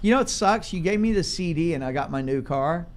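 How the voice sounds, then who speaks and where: A man from Oklahoma with a deep Southern accent, hosting a show in folksy, joking casual chat. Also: expressive, brisk. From Oklahoma, USA. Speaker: radio show host.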